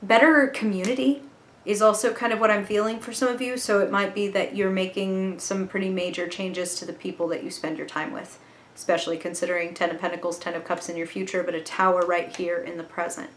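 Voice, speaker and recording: A woman's voice: on the low side, level tone, fast, slight background noise. A woman giving a casual spoken tarot reading, chatty and earnest, with the odd casual swear word. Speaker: tarot reader. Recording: echoey room.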